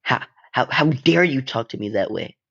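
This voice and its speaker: A man's voice: medium pitch, lively intonation, moderate pace, creaky, fairly bright tone, husky, highs cut off, exaggerated voice. A man voicing a frightened mother who stammers in panic. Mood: indignant. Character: frightened panicking mother, middle-aged woman.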